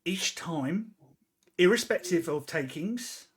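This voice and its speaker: A game master playing a brash, giant female tiefling sailor in a tabletop game, making blunt, quick demands. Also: mid-range voice, animated, pitched above the performer's own voice. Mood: demanding.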